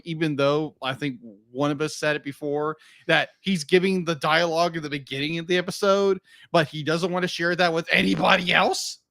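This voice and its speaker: A man's voice: fairly high pitch, a bit bright, no echo, studio quality. A man co-hosting a podcast in casual chat, laughing easily and restarting sentences as he goes. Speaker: podcast co-host.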